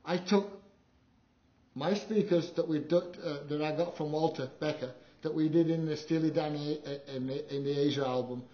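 An older man, a live sound engineer, gives an anecdotal talk to an audience as a lively storyteller, acting out quotes with big pitch jumps. His voice is slightly high and moderately paced, and the hall recording sounds dull and roomy.

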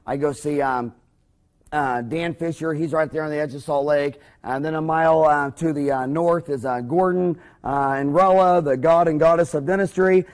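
A man giving a business lecture for dentists, rambling through jokes and anecdotes. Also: fairly high pitch. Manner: animated, joking, rambling storyteller. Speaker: dental practice lecturer.

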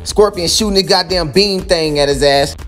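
A man's voice: sits high, moderate pace, fairly bright tone, faint music behind. A man casually recapping a comic book story in slangy, heavily profane talk. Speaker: comic book video host.

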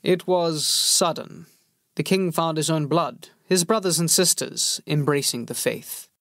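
A calm, calculating nobleman, as an audiobook narrator voices him, slow and deliberate in his words. The voice sits a little higher than the reader's own and softer than the narration, recorded dry and close. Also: dry recording. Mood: measured. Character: cool, measured noble male lord.

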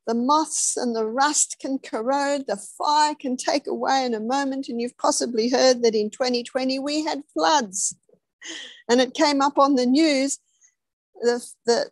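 A woman's voice: high voice, darkish tone, no room sound. A woman preaching a sermon, telling the story dramatically, dropping to whispers and then rising with emphasis. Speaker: health speaker preaching.

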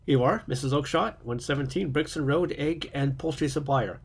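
A man voicing a gruff, loud market goose salesman who blusters and scoffs, in a storybook reading. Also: on the high side, normal speed. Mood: scornful. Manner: blustering, scornful.

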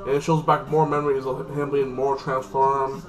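A man with a mid-range voice and fairly flat pitch talks at a normal pace, recapping and reviewing a TV episode in a loose, rambling way full of fillers, restarts and lots of "like". The mic is distant, with crowd noise and loud music behind him.

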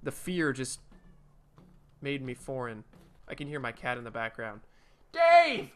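A man giving casual, animated gameplay commentary from his home, jumpy and swearing freely. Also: medium pitch, moderate pace. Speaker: let's play host. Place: home room with a cat nearby.

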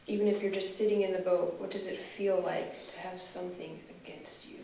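A woman guest speaker leading a guided scripture meditation, asking the listener slow, reflective questions. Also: fairly low pitch, little pitch movement, vocal fry, dark tone. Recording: echoey room from far off, faint hiss.

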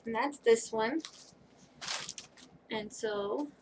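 A young woman films a casual try-on vlog and talks in a slow, unhurried way, thinking aloud as she goes. She sounds tired and worn out, and her voice sits a little high. Faint noise hums behind her. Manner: relaxed, rambling, thinking aloud. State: tired, yawning. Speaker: vlogger.

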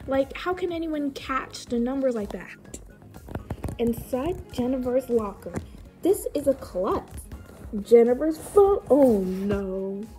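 A woman's voice: high voice, expressive, slow pace, mellow, faint music behind. A woman casually reading aloud her own childhood book and adding amused, mocking, incredulous comments on it.

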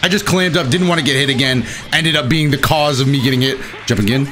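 A young man giving excitable live commentary on his own fighting game matches, talking to himself and laughing at his own mistakes. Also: medium pitch, fast talker, slight background noise. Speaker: gaming commentator.

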